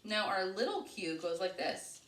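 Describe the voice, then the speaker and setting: A woman preschool teacher leading a circle time lesson for young children, speaking in a slow, clear, encouraging sing-song way. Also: mid-range voice, very animated, a bit bright, distant mic. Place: home. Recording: echoey room.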